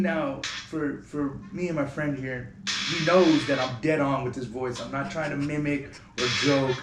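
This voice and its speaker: A man casually telling a story to camera in a relaxed, slangy way. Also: mid-range voice, measured pace, hardly any pauses, over music. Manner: relaxed, slangy, talks to viewers directly. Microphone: camera mic. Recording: roomy echo.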